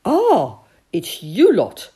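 A woman's voice: mid-range voice, huge pitch swings, extremely slow, breathy edge, voice pushed up, exaggerated voice. A woman voicing a bumbling, hard-of-hearing old male badger in a storybook. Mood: surprised. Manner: loud, eager, hard of hearing.

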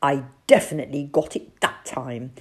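A woman's voice: extremely low pitch, steady tone, moderate pace, slightly rough, voice pushed down. A woman playing a brash, reckless rat. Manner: blunt, cheeky.

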